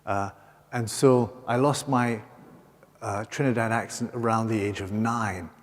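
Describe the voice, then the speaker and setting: A priest with a Scottish accent gives a homily at Mass, telling a story in a meandering way with many fillers and self-corrections. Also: male voice, lowish voice, fairly even intonation, a little slow. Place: large cathedral. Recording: long cathedral reverb.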